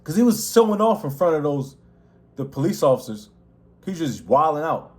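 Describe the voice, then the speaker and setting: A man's voice: a little high, sing-song, moderate pace. A man teaching a casual scripture lesson in a slangy, rambling way, full of restarts, with a voice that carries. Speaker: Bible teacher.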